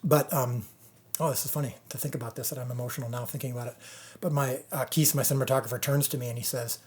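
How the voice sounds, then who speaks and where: A man's voice: mid-range voice, rapid-fire. A man who directs a TV series, telling a story from the set in a casual way and acting out what people said. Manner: animated storyteller, acts out quotes. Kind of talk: casual recollection to camera.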